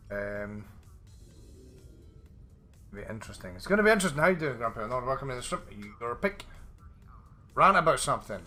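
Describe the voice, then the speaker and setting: A man with a lowish, pushed and bright voice live-streams a game. He chats casually with viewers, swears a lot and launches into rambling rants.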